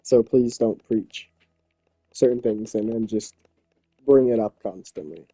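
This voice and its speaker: Man, casual stream chat, very dark mellow tone, dry close sound, joking, swears a lot. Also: on the low side, a little slow, husky, no echo, rough recording. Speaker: streamer and server owner.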